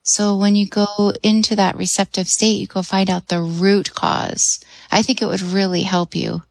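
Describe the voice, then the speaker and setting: A woman's voice: mid-range voice, level tone, normal speed, dry recording, poor audio. A woman guest on a radio talk show, speaking as a hypnotherapist in an enthusiastic, chatty way and laughing often.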